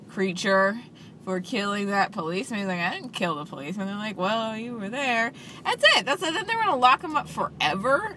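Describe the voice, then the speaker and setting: A woman talking casually in a rambling vlog, full of fillers and restarts, recorded inside a car. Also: on the high side. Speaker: vlogger reviewing a movie and her own writing. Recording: car and road noise behind. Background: traffic and vehicle noise.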